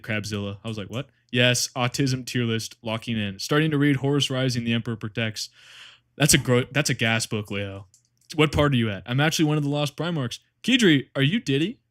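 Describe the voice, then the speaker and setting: A young man chatting on a live stream, excitable and rambling, swearing often while he sorts a tier list. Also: mid-range voice. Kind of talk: casual live-stream chat.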